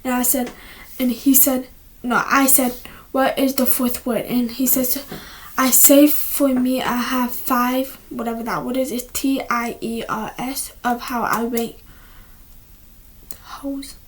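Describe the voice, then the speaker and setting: A woman's voice: on the high side, fairly even intonation, takes it slowly, slight background noise. A teenage girl chatting casually at home, rambling with many restarts and often dropping to a whisper. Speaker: vlogger. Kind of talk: casual chat. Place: at home, indoors.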